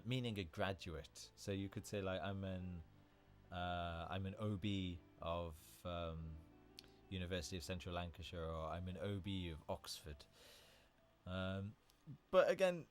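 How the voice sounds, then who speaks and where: A man with a fairly low voice talks through vocabulary on a casual livestream. He is chatty and loose, and he stops to correct himself. Soft music plays faintly behind him. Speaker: livestream host teaching English vocabulary.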